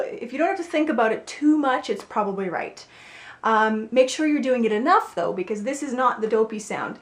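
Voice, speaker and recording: A woman vocal coach giving a singing lesson, explaining clearly and with a playful, upbeat manner. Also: a little high, big pitch swings, normal speed. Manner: clear, upbeat instructive delivery with playful demonstrations. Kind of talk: singing lesson with spoken instruction. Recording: roomy echo with faint music.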